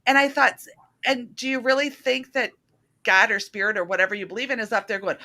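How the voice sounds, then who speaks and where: A middle-aged woman hosting a casual spiritual talk show, speaking in an earnest, animated, chatty way. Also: a little high, fairly quick.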